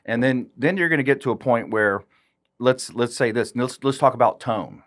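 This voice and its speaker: A man's voice: mid-range voice, normal speed. A man, a real estate agent on a podcast, explaining negotiation with examples and rhetorical questions. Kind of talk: casual podcast chat.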